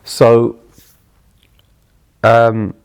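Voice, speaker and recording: A man's voice: mid-range voice, monotone, drawn-out words, clear, resonant tone. A middle-aged man with a London accent, a charity chief executive earnestly telling stories in an interview, often restarting his phrases. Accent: London English. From England. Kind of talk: storytelling in an interview.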